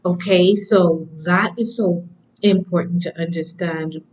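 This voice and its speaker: Spiritual reader, female, lowish voice, conversational and searching for words. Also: steady tone, measured pace, darkish tone, low-quality recording. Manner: earnest, conversational. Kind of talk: spiritual talk.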